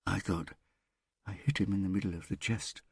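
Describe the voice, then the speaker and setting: A man voicing a shaken middle-aged man in shock who whispers in a flat, mechanical way. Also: deep voice, moderate pace, husky, dry recording, studio quality, voice pushed up, exaggerated voice. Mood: dazed.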